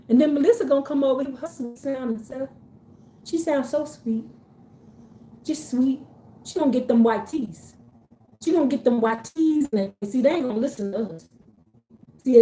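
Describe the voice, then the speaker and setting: A woman with a high voice gives a casual religious pep talk to her own community. She is animated and preachy, leaning on slang and saying key lines again and again for emphasis. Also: moderate pace, roomy sound, slight background noise. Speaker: faith community speaker.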